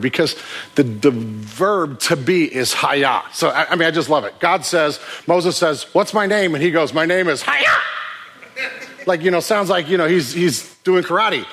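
A man's voice: fairly high pitch, fairly bright tone, breathy edge. A man preaching a sermon in a conversational way, often restarting his phrases. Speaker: pastor.

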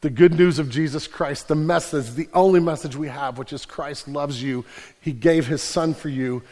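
A man's voice: a little high, moderate pace, a little mellow. Casual preacher man in an echoing hall. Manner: casual, joking preacher who rises to emphatic declarations. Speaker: pastor. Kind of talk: sermon. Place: large church hall. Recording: reverberant church hall.

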